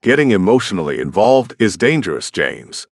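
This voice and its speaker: A man's voice: lowish voice, big pitch swings, moderate pace, no echo, studio quality. A man voicing a suspicious, paranoid male hacker who speaks in curt, dismissive, accusing remarks. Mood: cold.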